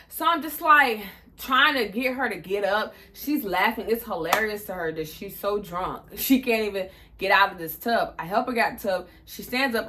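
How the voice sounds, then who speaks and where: Young female vlogger, twenties, crisp bright tone, casual profane storytelling. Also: mid-range voice. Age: 20s. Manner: animated, profane, acts out quotes.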